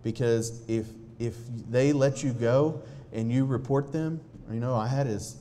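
A man telling a personal testimony to a live audience in an earnest, halting way, often restarting his sentences. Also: medium pitch, mellow, slight background noise. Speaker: speaker sharing a personal testimony.

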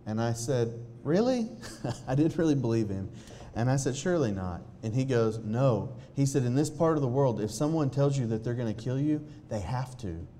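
A man telling a personal testimony to a live audience in an earnest, halting way, often restarting his sentences. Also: medium pitch, dark tone, a little hiss or hum. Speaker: speaker sharing a personal testimony.

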